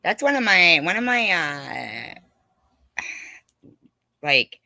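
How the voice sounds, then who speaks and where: A woman's voice: fairly low pitch, big pitch swings, drawn-out words, gravelly, sharp tone, dry recording, clean studio sound. A middle-aged woman hosting a casual live stream, chatting with viewers in a rambling, giggly way full of fillers.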